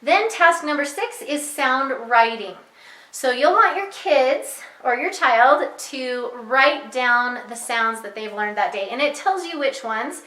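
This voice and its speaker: A young woman teacher speaks patiently and clearly, walking parents through a reading lesson and slowing down to model each sound. Her voice is bright and a little high. The room gives it a noticeable echo. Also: lively intonation. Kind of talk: instructional walkthrough for parents.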